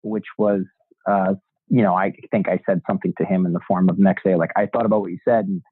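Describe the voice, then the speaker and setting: A man's voice: sits low, fairly even intonation, fast talker, slightly rough, dry recording. A man, a real estate agent as a guest, telling his story in a casual interview and acting out the voices of people he quotes, swearing freely. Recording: dry, tinny phone-like sound.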